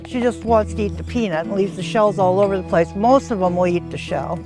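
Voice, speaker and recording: With music in the background, a pig sanctuary owner in her sixties talks briskly at a medium pitch. She is outdoors on a farm, speaking casually and with feeling for a documentary in a soft, heartfelt, emotional way.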